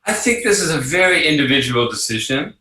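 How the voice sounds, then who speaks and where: A man's voice: on the high side, a little fast, reverberant, rough recording. A psychologist being interviewed, telling personal stories in a conversational way and acting out the voices he quotes. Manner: animated, acts out quoted voices, laughs along. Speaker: psychologist guest.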